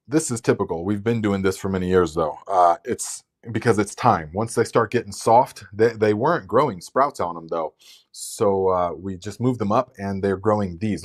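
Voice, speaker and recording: Guy hosting a live garden q&a at home, kinda rambly, talks low-ish, full of ums. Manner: chatty, rambling, with many fillers and restarts. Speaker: gardening channel host. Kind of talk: casual live Q&A chat.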